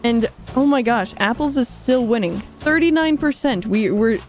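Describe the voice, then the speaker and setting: Woman game streamer, bubbly and chatty, reads chat aloud, slightly higher voice. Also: animated, moderate pace, a little mellow, soft background music. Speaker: livestreamer. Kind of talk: casual livestream chat while playing.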